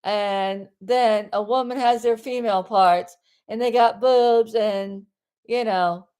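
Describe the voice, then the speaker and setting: A woman from South Florida ranting loudly on a live stream from her bedroom, rambling and exasperated, with bursts of yelling. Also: fairly high pitch, fairly even intonation, takes it slowly, smooth.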